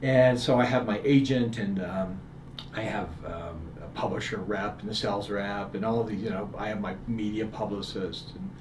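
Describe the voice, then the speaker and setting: A guest author tells a personal story during a casual interview, an animated storyteller who acts out the quotes as he goes. His voice is on the low side at a moderate pace, in a roomy recording with faint noise.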